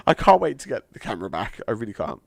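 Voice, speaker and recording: A man chatting on a live game stream, thanking donors with lots of fillers, a little hoarse from losing his voice. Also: mid-range voice, wildly swooping pitch, quick pace, no room sound.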